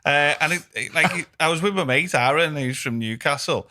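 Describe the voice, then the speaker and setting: A man telling a rambling story in a casual comedy podcast, deadpan and full of fillers. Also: a little high, moderate pace. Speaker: podcast co-host.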